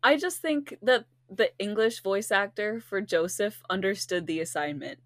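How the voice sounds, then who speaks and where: A woman in casual chat with a friend, animated and quick to laugh. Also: mid-range voice, no room sound, clean studio sound. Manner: giggly, laughs often, animated. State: laughing to tears at times.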